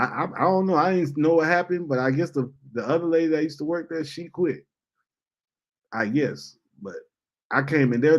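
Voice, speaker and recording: A man, hosting a casual monologue and telling stories in blunt, profane slang. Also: fairly low pitch. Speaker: host.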